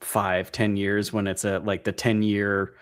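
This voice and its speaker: A man's voice: lowish voice, flat delivery, unhurried. A man, co-hosting a casual podcast, easygoing and hesitant, with many ums and frequent laughs. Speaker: podcast co-host. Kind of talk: casual chat.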